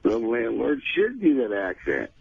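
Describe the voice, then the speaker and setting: A man who is a regular on a radio show, bantering casually and egging a caller on, with a husky voice. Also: medium pitch, very animated, unhurried, slight background noise. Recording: dull lo-fi radio broadcast.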